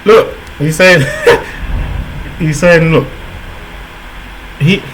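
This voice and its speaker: A man hosting a casual reaction video, talking excitably, laughing often and repeating himself. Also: fairly high pitch, drawn-out words, noisy background.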